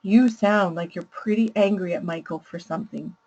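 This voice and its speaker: A woman voicing a calm, understanding parent who gently names a child's feelings. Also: fairly low pitch, normal speed, lo-fi sound, pitched below the performer's own voice. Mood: gentle. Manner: gentle, validating.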